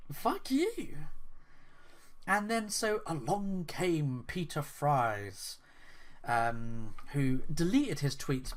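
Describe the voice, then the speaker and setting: Rambling, incredulous male commentary vlogger. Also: a little high. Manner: rambling, incredulous, with frequent fillers and restarts. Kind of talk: casual spoken commentary.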